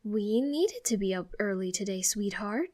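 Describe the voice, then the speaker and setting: A woman voicing a cheerful, doting mother who is gentle and coaxing, then eager and excited. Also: mid-range voice, normal speed, natural voice.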